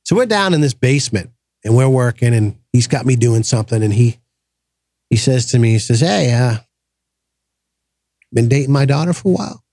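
A man's voice: mid-range voice, normal speed, pauses often, no echo. Guy on a podcast telling a story, acts out voices, dry studio mic. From grew up in the projects. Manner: animated storyteller, acts out quoted voices, frequent restarts. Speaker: podcast host. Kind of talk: casual storytelling chat.

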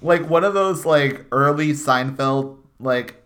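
A man co-hosting a podcast in casual chat, riffing in halting bursts with many restarts and "like"s. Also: fairly high pitch, a bit bright. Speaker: podcast co-host.

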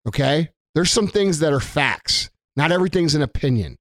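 A man's voice: on the high side, sing-song, brisk, few pauses, dry recording, clean studio sound. A man giving an angry, blunt rant to camera, swearing heavily and repeating himself for emphasis. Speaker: business owner. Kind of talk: profane political rant to camera.

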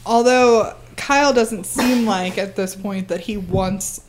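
A woman's voice: medium pitch, slow, noisy background. A woman co-hosting a podcast in casual chat, hedging her opinions and laughing often. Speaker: podcast co-host.

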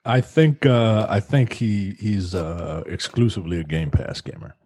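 A man's voice: on the low side, expressive, a little slow, darkish tone. A man co-hosting a casual gaming podcast, with a laid-back way of talking. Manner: laid-back, laughs along. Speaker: podcast co-host. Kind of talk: casual chat.

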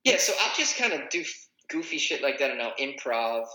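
A man's voice: mid-range voice, sing-song, fairly quick, bright, forceful tone, roomy sound, poor audio. A man, a comedian and podcaster, talking casually in a rambling way with lots of fillers and restarts. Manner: rambling, self-correcting, many fillers. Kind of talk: casual conversation.

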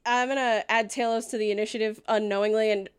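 A woman's voice: a little high, steady tone, quick pace, clear, resonant tone. A woman running a tabletop game as game master, narrating in a casual, swearing, giggly way.

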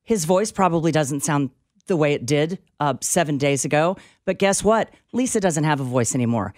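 A woman's voice: deep voice, expressive, moderate pace, darkish tone, no echo, clean studio sound. Angry, emphatic woman radio co-host. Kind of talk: talk radio commentary. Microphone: studio microphone.

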